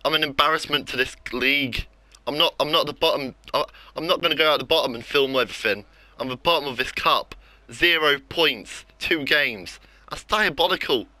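A young Englishman with a fairly high, pushed, bright voice speaks at normal speed, with no room sound. A gaming YouTuber, he commentates live on his own football video game matches, ranting in frustration about losing and mocking himself.

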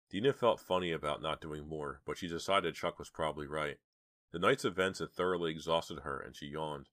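Man narrating audiobook, extremely deep voice, bright tone, dramatic measured delivery. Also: no echo, clean studio sound. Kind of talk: audiobook reading.

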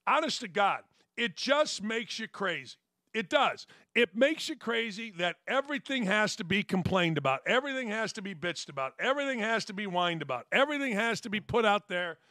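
A man's voice: sits high, sharp tone, dry recording, studio quality. A middle-aged man hosting a sports talk show, ranting bluntly and sarcastically and mocking his critics. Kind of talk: opinionated sports talk rant.

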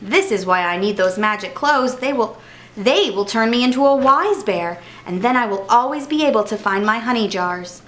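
Woman doing a gentle honey-loving bear. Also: fairly high pitch, animated, moderate pace. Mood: earnest. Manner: simple, earnest.

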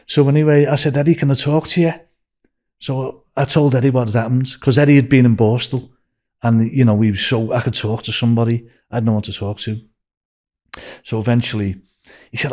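An older man with a Liverpool accent, telling a rambling story as a podcast guest and raising his pitch for quoted voices. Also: fairly even intonation, a little fast, a little mellow. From Liverpool, England.

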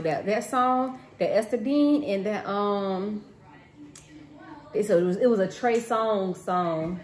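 Speaking slowly in a medium-pitched voice, a cooking vlogger in her thirties keeps up a casual, chatty conversation with her viewers as she cooks. She faces the camera in her home kitchen, where the audio echoes and carries faint room noise.

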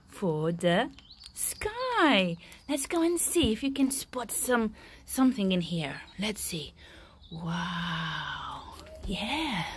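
Slow, lively woman telling a children's story. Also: mid-range voice, slightly rough. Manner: animated, gasping, exclaiming, asking the listener questions.

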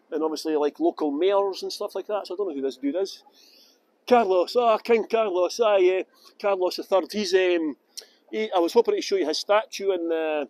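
A high, slightly mellow male voice belongs to a Scottish tour guide livestreaming from sunny town streets on a phone he holds. He's chatty and rambling, answering viewers' questions with fillers.

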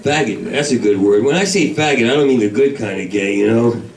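A man doing a stand-up comedy set in a club, talking in a manic, rambling, profane way that breaks into shouted voices. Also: medium pitch, lively intonation, brisk, gravelly, noisy background. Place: comedy club main room. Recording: echoey club recording from far off with crowd. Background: audience laughter.

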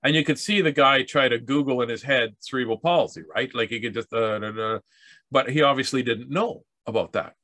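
A Canadian man tells a humorous story in a loose, rambling way, restarting his sentences and acting out what each person said. His voice is bright and forward. It is recorded dry and close, with no room sound. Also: mid-range voice, fairly quick, no room sound. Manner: rambling, with restarts and acted-out dialogue. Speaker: speaker telling stories about accessibility. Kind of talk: casual storytelling talk.

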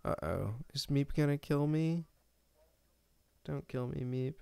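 A man's voice: a little high, lively intonation, slow pace, creaky, warm tone, clear, resonant tone, dry recording. A man streaming a party game, talking casually with other players about who to trust. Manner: hums a theme tune while playing. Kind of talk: casual gameplay chat.

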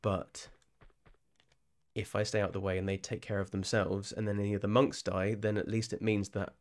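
A man's voice: lowish voice, little pitch movement, normal speed. A young English man chatting casually while streaming a game live, rambling, restarting his phrases and laughing often. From England.

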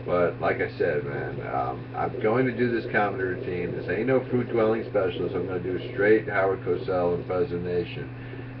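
A man's voice: sits low, normal speed. A man giving a rambling, offhand comedic tribute who keeps losing his thread. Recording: distant, dull lo-fi with faint hiss.

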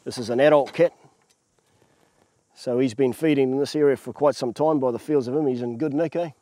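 A man's voice: medium pitch, fairly even intonation, fairly quick, dark tone, no echo. A man with a New Zealand accent, a predator trapper explaining his work outdoors, plain-spoken and practical. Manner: plain-spoken, practical, calls people mate. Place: outdoors in the bush.

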